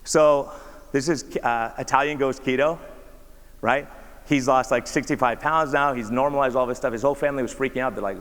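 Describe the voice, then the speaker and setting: A man gives a slide talk to an audience in a lecture hall, his voice ringing with a long reverb. His pitch is middling for a man. He keeps it conversational, peppering the talk with rhetorical questions. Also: steady tone, brisk, fairly bright tone. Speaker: doctor giving a talk. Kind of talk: conference presentation with slides.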